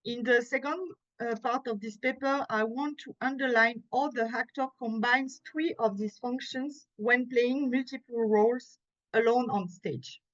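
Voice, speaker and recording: French-accented woman reading her conference paper, fairly high voice, muffled lo-fi sound, careful with little slips. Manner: careful, measured reading with small slips and self-corrections. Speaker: conference speaker.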